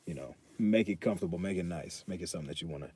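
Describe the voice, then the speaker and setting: A man's voice: low-pitched, very fast, background noise. A young man, chatting casually on his fitness live stream, loose and joking and swearing freely as he reads chat aloud.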